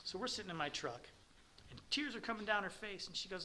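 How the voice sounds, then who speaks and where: A middle-aged man speaks at a recovery meeting, sharing his story in a candid, rambling way. His voice is very bright and edgy, sitting slightly high for a man. He talks bluntly and plainly to his peers. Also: lively intonation, fairly quick, a little hiss or hum. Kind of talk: personal testimony talk.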